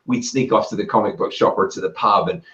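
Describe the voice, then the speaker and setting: A man's voice: lowish voice, quick pace. British man telling stories in a roomy space. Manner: lively, acts out quoted voices loudly. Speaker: guest. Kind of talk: anecdotal storytelling in a conversation. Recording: roomy and muffled.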